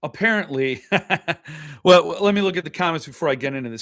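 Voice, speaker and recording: A man's voice: on the high side, very animated, normal speed, fairly bright tone. A man hosting his own show, ranting with sarcasm and profanity in a casual commentary. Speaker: podcast host.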